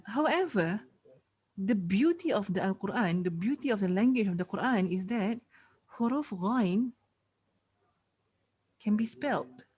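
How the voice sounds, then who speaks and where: A woman's voice: medium pitch, lively intonation, measured pace, pauses often, darkish tone, husky. Malaysian woman teacher, playful and quizzing, class explainer read. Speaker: Quran teacher.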